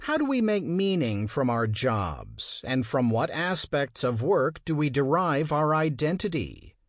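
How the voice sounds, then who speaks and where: Male audiobook narrator, measured scripted read with an animated pitch, close dry studio sound. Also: no room sound.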